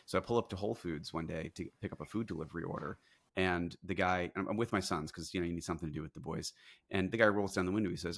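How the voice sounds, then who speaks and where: A middle-aged man, a guest on a podcast, telling stories in a lively, casual way and laughing often. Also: deep voice, fast. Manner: animated storyteller, laughs often. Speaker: guest, company CEO.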